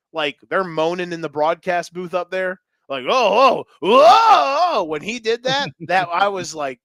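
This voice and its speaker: A man co-hosting a sports podcast, talking fast and animated with swearing and jokes. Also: high-pitched, clean tone, dry recording. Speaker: podcast co-host. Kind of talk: excited sports talk.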